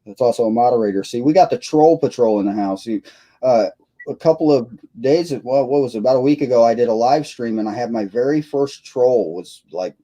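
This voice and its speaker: A man's voice: mid-range voice, a little fast, mellow, low-quality recording. Tired man hosting a casual live stream. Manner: rambling, self-deprecating, frequent fillers.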